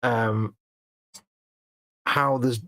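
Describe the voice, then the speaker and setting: A man's voice: medium pitch, steady tone, extremely slow, pushed and bright, no echo. A man with an English accent co-hosting a casual live stream and telling stories with acted-out quotes. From Britain. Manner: chatty storyteller, acts out quotes. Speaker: co-host.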